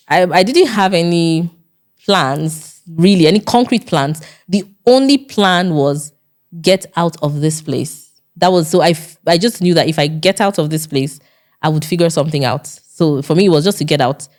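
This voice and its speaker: A woman with a Nigerian accent and a notably low voice tells her own story as an interview guest. She speaks earnestly, often repeating herself and acting out the dialogue she remembers. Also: darkish tone.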